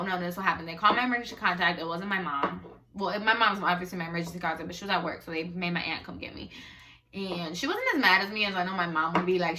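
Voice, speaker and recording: A young woman in her late teens telling a casual, profane story and acting out the people in it. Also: mid-range voice. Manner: animated, profane, acts out quotes. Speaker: vlogger. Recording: distant mic with music behind.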